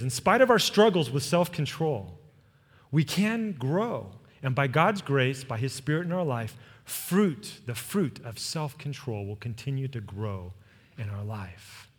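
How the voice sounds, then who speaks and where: A middle-aged man preaching a sermon as pastor, telling stories with quoted voices and closing in soft prayer. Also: mid-range voice, breathy edge. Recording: long hall reverb.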